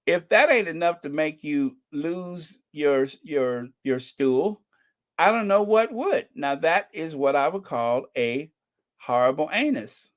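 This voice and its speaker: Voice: mid-range voice, expressive, slow. An American channel host giving casual commentary with a sarcastic, rambling, mocking manner. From United States.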